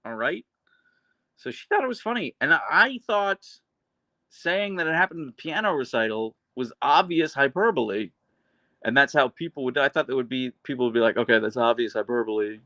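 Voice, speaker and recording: Casual streamer, male, deadpan dry delivery, bright gravelly tone, close dry sound. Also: on the high side, moderate pace, dry recording. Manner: chatty, earnest, with restarts and laughs. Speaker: livestream host reading chat. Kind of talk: casual live stream chat.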